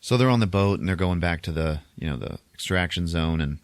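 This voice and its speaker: A man's voice: sits low, brisk, no echo. A man hosting a podcast who recaps a movie in casual chat, laughing often and acting out quotes from the film. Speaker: podcast host.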